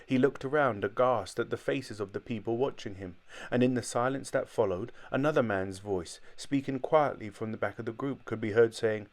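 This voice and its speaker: A man reading an audiobook as narrator, in measured, even storytelling. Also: medium pitch. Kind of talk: scripted narration.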